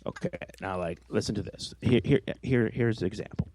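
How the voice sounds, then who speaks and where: A man's voice: fairly low pitch, a little fast, background noise. A man co-hosting a podcast in casual comic banter, pushy and teasing, swearing freely. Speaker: podcast co-host.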